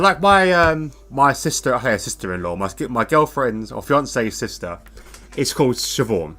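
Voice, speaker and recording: Bright-voiced laid-back male commentator. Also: medium pitch. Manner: laid-back, self-mocking, laughs often. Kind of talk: live esports racing commentary.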